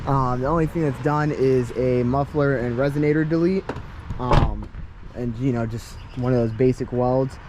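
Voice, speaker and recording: A man giving a casual walkaround of his car outdoors, talking in a halting way with many ums and restarts. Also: mid-range voice, steady tone, noisy background. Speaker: car vlogger.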